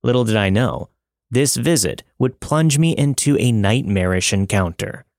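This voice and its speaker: A man narrating a listener's scary story in a dramatic, measured way, recorded close to a studio mic. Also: medium pitch, animated, gravelly, darkish tone, no room sound. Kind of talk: scripted narration of listener stories.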